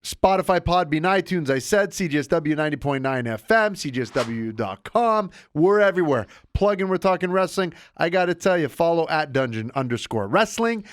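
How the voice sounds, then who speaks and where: Lively playful male sports co-host. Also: a little high, no echo. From Canada. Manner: playful, hype-style, drawn-out plugs. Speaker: podcast co-host. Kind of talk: casual sports banter.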